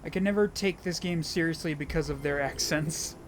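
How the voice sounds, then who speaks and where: A streamer chatting casually over a game, wandering from one joke to the next and swearing freely. The voice sits at a middling pitch, with a faint hiss behind it. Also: brisk. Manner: rambling, joking, swearing. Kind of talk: casual gameplay commentary.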